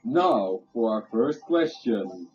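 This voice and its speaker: A man's voice: fairly low pitch, lively intonation, slow, far from the mic. A man voicing a hammy male game show announcer hosting a quiz. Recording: dull lo-fi home recording with faint music.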